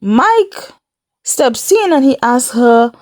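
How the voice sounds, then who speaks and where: A woman's voice: high voice, big pitch swings, slow, a little mellow, no echo, studio quality. A woman giving a casual recap of a reality show, chatty and incredulous, laughing often as she tells it. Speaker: recap vlogger.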